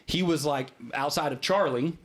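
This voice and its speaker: A man's voice: on the high side, normal speed. Man, podcast guest, casual storytelling, lots of restarts, acts out quoted voices. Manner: animated storyteller with many restarts. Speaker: guest, real estate broker.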